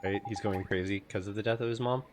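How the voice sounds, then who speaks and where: Deadpan low-voiced game streamer. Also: male voice, quick pace, slight background noise. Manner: low-key, deadpan, mumbled asides. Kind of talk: casual gameplay commentary. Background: game music.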